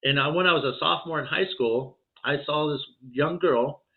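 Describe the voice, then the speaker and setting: A man's voice: on the high side, moderate pace, creaky. A man in his fifties, a spiritual healer and podcast guest, telling his life story casually in a rambling way, with lots of "you know" and restarts. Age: 50s. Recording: tinny phone-like line.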